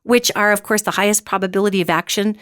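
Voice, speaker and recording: A woman hosting a radio show, giving an emphatic, animated monologue into a close studio mic. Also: medium pitch, fast talker, no room sound. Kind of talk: monologue on metaphysics.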